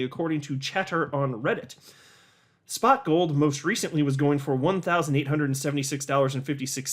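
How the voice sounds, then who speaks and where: A man giving casual, animated commentary as a hobby YouTuber, with sarcastic asides and little rants. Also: on the high side. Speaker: crypto YouTuber.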